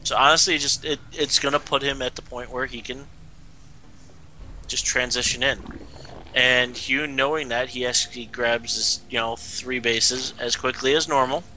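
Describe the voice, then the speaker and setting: A man's voice: mid-range voice, fairly even intonation, normal speed, pushed and bright, slight background noise, rough recording. A man giving casual, confident color commentary on a strategy game match. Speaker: esports co-caster.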